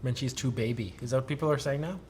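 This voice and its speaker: A man chatting casually as a guest, with a dry, deadpan sense of humor. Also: medium pitch, quick pace. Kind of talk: casual chat.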